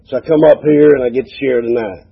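A man's voice: medium pitch, steady tone, fast talker, breathy edge. A man, sharing a folksy, humorous personal story at a recovery meeting, acting out the dialogue. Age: 40s. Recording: dull lo-fi recording.

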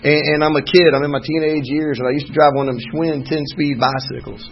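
A man's voice: a little high, steady tone, fast talker, muffled recording, slight background noise. A middle-aged man, sharing his personal story from the podium of a recovery meeting with wry, folksy humor. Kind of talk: personal testimony talk. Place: meeting hall, speaking from a podium.

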